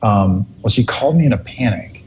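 A middle-aged man casually telling a long, rambling, animated anecdote, laughing now and then. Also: on the low side, brisk, a little hiss or hum. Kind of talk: casual chat.

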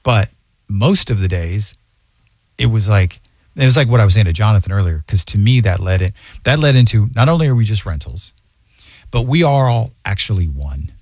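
A man in a casual podcast conversation, speaking earnestly and from the heart in quick bursts. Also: lowish voice, expressive, a little mellow, no echo.

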